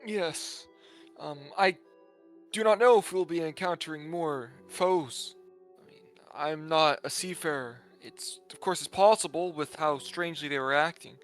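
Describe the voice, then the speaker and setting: A man playing his character in a tabletop game, speaking in a measured, polite and slightly formal way. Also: a little high, soft background music. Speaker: player. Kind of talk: in-character tabletop role-play.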